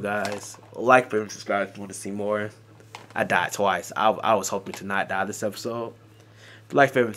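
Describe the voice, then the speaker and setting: A man's voice: on the low side, fairly bright tone. A man commentating his gameplay casually, often panicking, exclaiming and apologizing. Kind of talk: casual let's play commentary.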